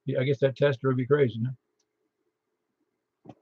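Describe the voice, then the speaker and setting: A man hosting a ham radio net in casual chat, chatty and quick to tell stories. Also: mid-range voice, level tone, husky. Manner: chatty, storytelling, laughs easily. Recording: muffled lo-fi radio audio.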